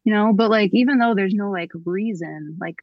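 A young adult woman, a singer-songwriter guest, speaking in relaxed casual chat full of fillers. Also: mid-range voice, normal speed, dry recording, dull audio. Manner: relaxed, filler-heavy, reassuring.

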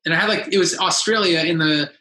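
A man telling a story in casual chat, lively and acting out the quotes of others in a raised voice. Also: fairly high pitch, fast. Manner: animated, acts out quotes in a raised voice. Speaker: podcast guest, musician. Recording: echoey room.

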